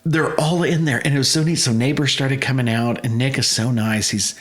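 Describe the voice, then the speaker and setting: A man in his forties telling lively stories as a guest in a casual interview, acting out the voices of people in them. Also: medium pitch, brisk. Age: 40s. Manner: animated storyteller, acts out quoted voices. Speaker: guest, food truck owner.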